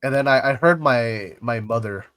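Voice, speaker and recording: A young man hosts a laid-back podcast, sounding congested and a little hoarse as his voice recovers. He rambles along, restarting sentences and filling gaps with ums and likes. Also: medium pitch, normal speed, crowd noise. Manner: rambling, lots of fillers and restarts. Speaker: podcast host. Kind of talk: casual podcast chat.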